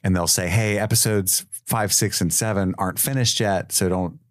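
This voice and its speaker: A man co-hosting a casual podcast chat, animated and quick to laugh. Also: dry recording, studio quality. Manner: animated, quick to laugh, swings pitch widely. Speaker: podcast co-host.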